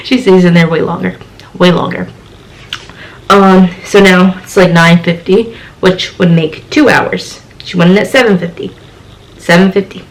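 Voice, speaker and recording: A young woman tells a story straight to her viewers in a lively, theatrical way. She acts out each of her own lines and leaps up in pitch when she plays them. Her voice sits in a middle register with a gravelly, fry-tinged edge. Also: poor audio. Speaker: storytime vlogger. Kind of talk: animated storytelling to camera.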